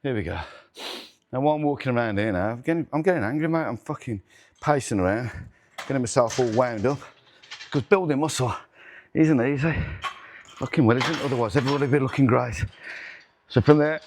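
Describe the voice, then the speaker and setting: A man's voice: mid-range voice, a little fast, long pauses, a little hiss or hum. A middle-aged man hosting a workout demonstration vlog in a gym, counting reps aloud and swearing and groaning as he strains through sets. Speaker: gym owner and host. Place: indoor gym.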